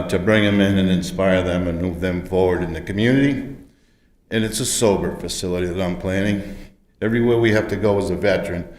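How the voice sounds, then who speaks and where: A man's voice: sits low, slight background noise. A man in his sixties, emotional and frustrated, pleading his case during public comment at a city council meeting. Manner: earnest, frustrated and pleading, growing forceful. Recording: echoey council chamber with long reverb.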